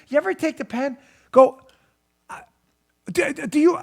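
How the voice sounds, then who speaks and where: A man's voice: very high voice, measured pace, gravelly. A man hosting a political talk show, delivering heated commentary with emphatic, repeated rhetorical questions and bursts of frustration.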